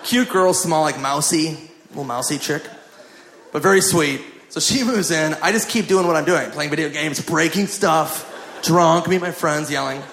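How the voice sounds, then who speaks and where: Male stand-up, fairly high voice, rambling and profane, live club recording with crowd noise. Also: normal speed, creaky, a bit bright, reverberant. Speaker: stand-up comedian. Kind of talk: stand-up comedy storytelling.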